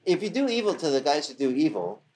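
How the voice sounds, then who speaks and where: Guy preaching casual, super animated pitch, storytelling. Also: fast, husky. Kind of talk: sermon.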